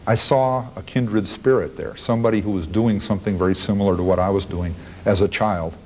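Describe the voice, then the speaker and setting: A man's voice: on the low side, fairly even intonation, a little fast, a little mellow, slight background noise, low-quality recording. A man recounting events in an archival interview, plain-spoken and blunt, rambling through his recollections.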